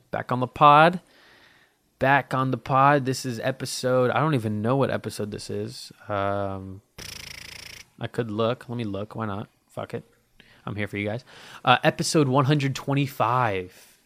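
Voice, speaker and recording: A man's voice: mid-range voice, gravelly, fairly bright tone, no echo. A man hosting a podcast in a casual, rambling monologue, swearing often and dry-mouthed from thirst. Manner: profane, rambling, heavy with fillers. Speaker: podcast host.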